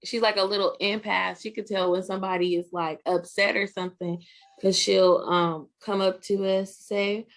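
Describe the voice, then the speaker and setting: A woman's voice: mid-range voice, normal speed. A woman, an aunt, chatting casually and telling a family story, acting out the quoted lines. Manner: storytelling with lively quoted voices. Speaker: group discussion participant, aunt. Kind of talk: casual chat.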